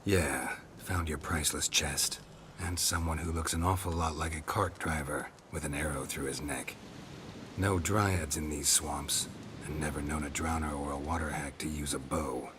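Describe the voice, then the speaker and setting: A man voicing a grizzled, terse male monster hunter in a video game, with a deep gravelly voice and clipped delivery. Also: fairly even intonation, moderate pace, noisy background. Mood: accusing. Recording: game audio with music behind.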